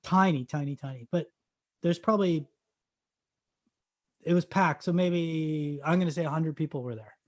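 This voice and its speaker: A man, an actor guest on a podcast, telling a story in a lively, animated way. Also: on the high side, moderate pace, pauses often. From Canada. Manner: animated, loud acted-out storytelling.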